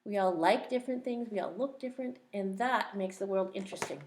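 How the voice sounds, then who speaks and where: A woman teacher reading a picture book aloud to young children, gently asking them questions along the way. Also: mid-range voice, brisk, background noise.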